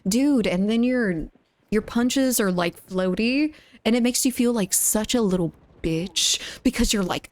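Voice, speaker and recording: A woman's voice: on the high side, animated, slow, darkish tone. A woman streaming a game, chatting casually and giggling as she reads chat aloud.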